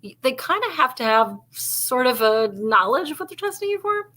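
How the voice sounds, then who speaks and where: A woman's voice: high voice, big pitch swings, normal speed, pushed and bright. A woman police officer co-hosting a casual chat show, telling stories in a loose, rambling way full of "like" and the odd swear word. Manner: chatty storytelling, heavy with "like", casual swearing. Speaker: podcast co-host and police officer.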